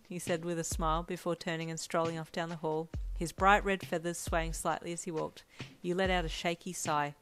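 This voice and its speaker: A woman narrating a second-person fanfiction story in a calm, even storytelling voice. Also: sits low, brisk, faint music behind. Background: faint lo-fi drum loop.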